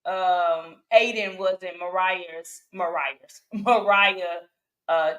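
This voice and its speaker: A woman's voice: on the low side, steady tone, drawn-out words, a bit bright. A woman co-hosting a casual gossip chat, mostly backing up her partner with short agreements and brief remarks. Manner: supportive, chimes in with short agreements. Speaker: podcast co-host.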